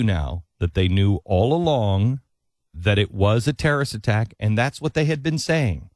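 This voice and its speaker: A male talk-show host giving commentary in an animated, emphatic, incredulous way. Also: on the low side, moderate pace, dry recording, studio quality. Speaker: radio host.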